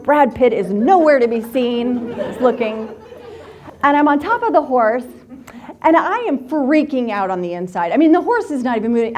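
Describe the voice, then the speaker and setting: A woman giving a motivational talk to a live group, telling stories in a candid, animated way and swearing freely. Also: on the high side, slight background noise. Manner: candid, profane, animated storyteller. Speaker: workshop speaker.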